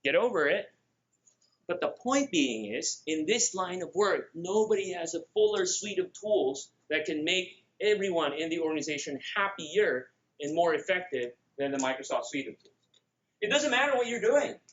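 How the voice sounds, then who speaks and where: A man with a Filipino accent and a fairly high voice works a conference room, joking and tossing questions straight at his listeners. His delivery is brisk and animated. The recording is somewhat muffled and lo-fi. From Philippines. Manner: energetic, joking, addresses the audience directly. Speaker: conference speaker. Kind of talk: lively conference presentation.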